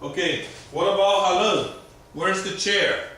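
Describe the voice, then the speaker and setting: A man's voice: sits high, unhurried, sharp tone, a little hiss or hum. A male language teacher running a classroom lesson, patiently quizzing his students one by one. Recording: echoey classroom from far off.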